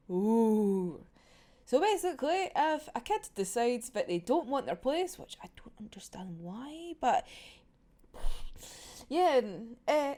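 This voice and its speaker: A woman's voice: high voice, mellow. A young Scottish woman chatting casually as a manga reviewer, giggling often, swearing freely and acting out characters' lines. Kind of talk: casual chat.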